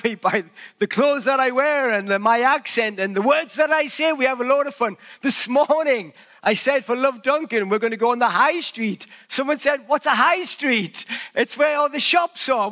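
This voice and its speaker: High, bright British pastor in a reverberant hall. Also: male voice. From Britain. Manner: chatty, jokey asides to the congregation. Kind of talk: conversational sermon. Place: church sanctuary. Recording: long reverb of a large church hall.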